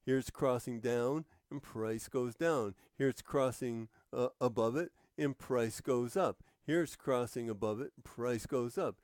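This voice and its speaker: A man walks through a trading chart at a slow, deliberate pace, often pausing on "uh" and restarting his words. His voice sits at an ordinary middle pitch. The recording is dry and close, with no room sound around it. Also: a little mellow, no room sound. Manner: unhurried, explanatory, frequent "uh" fillers and restarts. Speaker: trading instructor. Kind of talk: screen-share tutorial narration.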